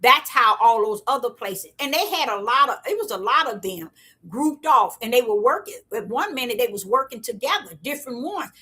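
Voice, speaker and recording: High, bright, husky-voiced woman preaching. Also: fairly quick. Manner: preachy, repetitive, excitable, African American Vernacular English. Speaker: online preacher. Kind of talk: casual spiritual talk to viewers.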